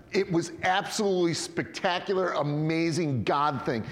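A middle-aged man preaches with a higher-pitched voice in a lively, conversational way, then pulls back to a quiet, weighty tone on his key points. His voice rings out with a long reverb, as in a church sanctuary. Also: a little slow. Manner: animated, conversational preaching with sudden drops to quiet emphasis. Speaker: pastor. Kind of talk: sermon.

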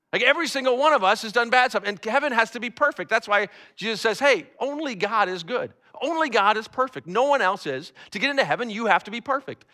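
Man, pastor, conversational sermon, repeats words, high voice, bright tone. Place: church sanctuary with congregation.

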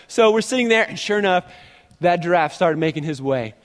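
A man preaching a sermon as an animated, humorous storyteller, recorded in a large church hall with long reverb. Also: high voice, fairly quick. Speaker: pastor.

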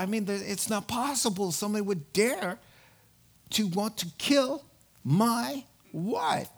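Animated male preacher, higher voice. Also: unhurried. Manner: animated storytelling, acts out biblical characters' lines. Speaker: pastor. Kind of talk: sermon.

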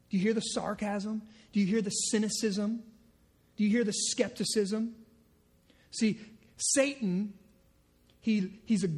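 A man with a high voice delivers an animated sermon from the pulpit. He speaks straight to the congregation with rhetorical questions, and he often slips into low, muttered asides. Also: slightly rough. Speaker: pastor.

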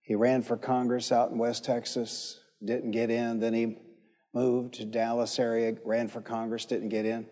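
A man's voice: mid-range voice, monotone, measured pace, warm tone. A man preaching a sermon, emphatic, repeating phrases and calling on the congregation to respond. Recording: echoey hall with long reverb.

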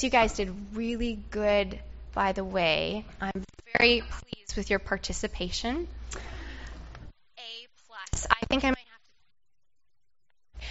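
A woman leading a playful, animated sermon, directing her audience through a Bible story and doing sound effects. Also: mid-range voice, highs cut off, slight background noise. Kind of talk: lively sermon with audience participation.

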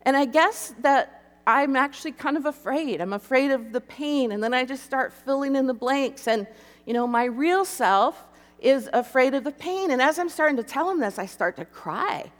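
A woman's voice: sits high, animated, normal speed. A woman telling an emotional personal story to an audience and acting out the voices in it. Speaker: speaker sharing a personal story. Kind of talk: animated personal testimony to an audience. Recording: echoey hall reverb.

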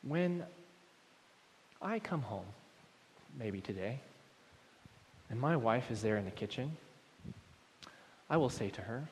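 Man preaching in a big echoing hall, average pitch, animated, drops to quiet asides. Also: takes it slowly, pauses often, a little hiss or hum. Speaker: pastor. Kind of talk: sermon. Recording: long hall reverb.

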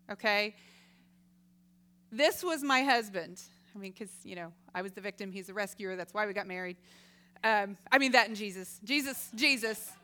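Bright-voiced woman, lively storyteller. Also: fairly high pitch, clean tone. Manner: lively storytelling, acts out quoted voices, laughs often. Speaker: Christian speaker. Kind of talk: casual teaching talk.

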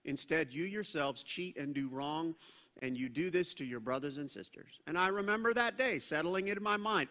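Middle-aged male pastor, bright and slightly high voice, chatty sermon with punchy bursts, echoing church hall. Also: expressive, a little fast. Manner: conversational, joking asides, bursts of emphasis.

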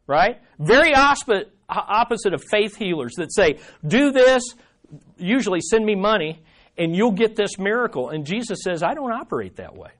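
A man preaching a sermon to his congregation, moving from loud emphasis to quiet, earnest asides and asking the listeners rhetorical questions. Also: high-pitched, very animated, moderate pace. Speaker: pastor.

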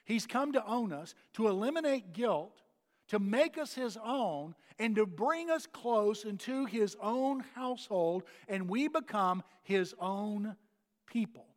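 A man preaching with a high, ringing voice, earnest and emphatic as he presses each point home. His words echo through a reverberant sanctuary, with a long tail after every phrase. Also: lively intonation, takes it slowly. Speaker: pastor. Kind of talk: sermon.

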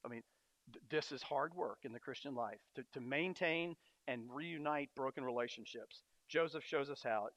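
A man preaching a sermon as a pastor, earnest and storytelling, often pausing on fillers. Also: medium pitch, fairly bright tone, no echo. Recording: dry, dull lo-fi sound.

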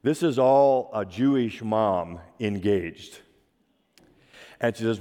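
A man's voice: fairly low pitch, animated, slow pace, pauses often, dark tone. Man preaching in a reverberant hall. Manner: conversational storytelling with rhetorical questions. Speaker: pastor. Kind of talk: sermon. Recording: long reverb of a large hall.

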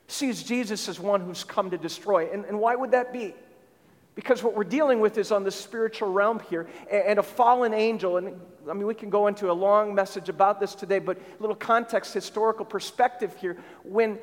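A man preaching a sermon as pastor, repeating phrases for emphasis and lifting his voice when he quotes. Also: high-pitched. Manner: repeats words for emphasis, rising when quoting. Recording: long reverb of a large hall.

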